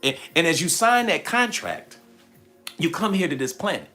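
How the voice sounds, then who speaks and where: Guy doing a spiritual livestream, fairly high voice that jumps all over, laughs a lot and acts out little voices. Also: wildly swooping pitch, normal speed, pushed and bright, faint music behind. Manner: playful, laughs often, acts out quoted voices. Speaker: spiritual speaker hosting a livestream. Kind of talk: animated live-stream talk to viewers.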